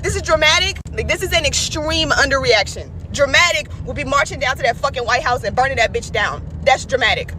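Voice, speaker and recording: A woman's voice: high voice, expressive, fairly quick, few pauses, bright, forceful tone, a little hiss or hum. A woman in an emotional social media video, ranting in an upset, profane way.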